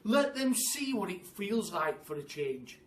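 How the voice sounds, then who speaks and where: A man voicing Mugglewump, a clever father monkey who talks in a calming, determined way. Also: high-pitched, measured pace, pitched above the performer's own voice. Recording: echoey room, mic at a distance.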